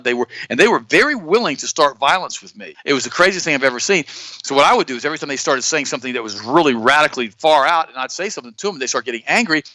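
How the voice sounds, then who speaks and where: A man hosting a talk radio show, telling stories and commenting on the news to his co-host in an animated, repetitive way. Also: medium pitch, dry recording. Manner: storytelling, animated, repeats himself; addresses co-host directly.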